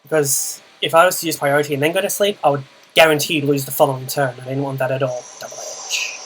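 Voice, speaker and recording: A man's voice: medium pitch, fairly even intonation, fast, a bit bright, slight background noise, rough recording. A young man giving a dry, muttered running commentary on his own game, groaning at setbacks. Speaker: channel host and player. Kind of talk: live gameplay commentary.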